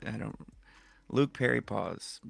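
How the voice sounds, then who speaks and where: Gravelly teasing podcast dad. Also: male voice, lowish voice, takes it slowly, dry recording, faint music behind. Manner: teasing, deadpan joking. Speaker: podcast co-host. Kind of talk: casual chat.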